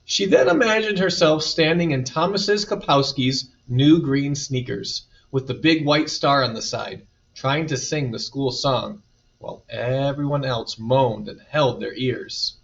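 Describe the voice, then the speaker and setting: A man reading a children's picture book aloud with lively, expressive storytelling. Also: medium pitch, unhurried, vocal fry. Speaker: storybook reader. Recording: dull distant recording.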